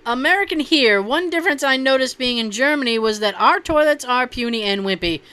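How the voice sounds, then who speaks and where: A woman's voice: high-pitched, animated, brisk, pushed and bright, clear, resonant tone. A woman hosting a casual chat, reading posts aloud and reacting with loose, profane jokes. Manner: profane, laughing, loose and joking.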